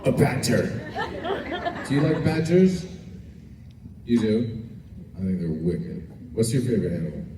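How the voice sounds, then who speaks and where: Low-voiced joking man in echoey hall. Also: measured pace, pauses often. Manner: relaxed, joking, self-deprecating. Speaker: actor answering fans at a convention panel. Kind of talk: convention Q&A. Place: large convention hall. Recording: echoey hall, distant mic, noisy crowd.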